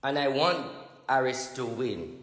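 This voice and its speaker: A man's voice: medium pitch, expressive, unhurried, fairly bright tone, roomy sound, big-room sound. A man with a Jamaican accent gives prophecy-style declarations in a vlog, emphatic and repeating his lines.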